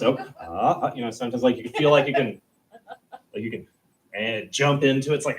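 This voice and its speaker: A young man doing a stand-up comedy set, rambling and self-deprecating, and breaking into quick, high-pitched voices for the characters in his stories. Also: far from the mic, rough recording. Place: comedy club stage.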